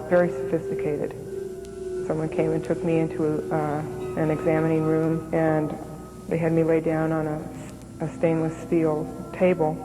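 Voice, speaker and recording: A woman, a former radar operator, giving halting documentary testimony with many pauses and fillers, over music. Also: sits low, poor audio. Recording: music underneath.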